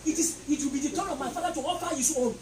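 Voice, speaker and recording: A woman preaching a sermon, shouting decrees and telling stories with bursts of laughter. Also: high-pitched, rapid-fire. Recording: echoey hall recorded from a distance with background noise.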